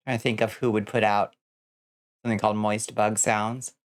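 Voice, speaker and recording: This streamer is a young adult woman with a rumbling low voice and a flat delivery at normal speed. Chatting casually over her game, she reads out chat messages and reacts with blunt, wry humor and plenty of swearing.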